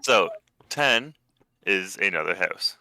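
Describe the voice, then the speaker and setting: A man narrating a tabletop game as game master, describing rooms with relaxed, hesitant phrasing and many fillers. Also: sits low, takes it slowly, creaky.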